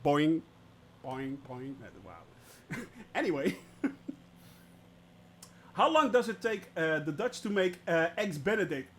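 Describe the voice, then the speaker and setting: A man streaming a flight game live, loud and jokey, laughing at his own puns and greeting viewers by name. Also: high voice, lively intonation, takes it slowly, long pauses, slight background noise. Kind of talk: live gameplay commentary.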